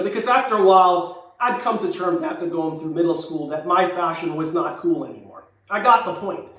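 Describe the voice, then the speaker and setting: A man in his sixties with a high-pitched, fairly bright voice tells a personal story thoughtfully and conversationally, circling back to rephrase. Raised in Jamaica, he now speaks with an American accent, the Jamaican trace lost. The recording is very echoey, from a distant mic, with faint music.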